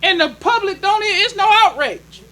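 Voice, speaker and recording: A man's voice: very high-pitched, animated, brisk, bright, forceful tone. A man preaching a sermon as minister, emphatic and plainspoken, repeating his points. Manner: plainspoken, conversational delivery.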